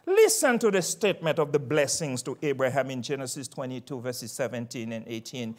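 An older man preaching a sermon emphatically, moving from quiet asides to loud proclamations. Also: sits high, moderate pace.

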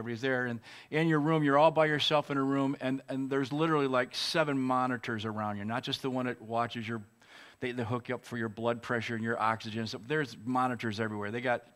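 Male pastor, earnest sermon testimony, emotional with deliberate pauses. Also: mid-range voice, fairly bright tone.

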